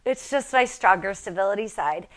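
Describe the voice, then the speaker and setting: This woman's medium-pitched voice is expressive and fairly bright, moving at normal speed. A fitness instructor in her forties, she chats casually and self-deprecatingly while demonstrating exercises, sometimes straining with the effort.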